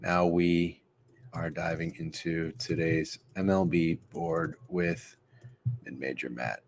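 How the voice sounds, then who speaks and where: Low-voiced man hosting a betting stream. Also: steady tone, slow pace, a little hiss or hum. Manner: rambling, profane, talks to chat. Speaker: sports betting stream host. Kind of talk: casual livestream chat.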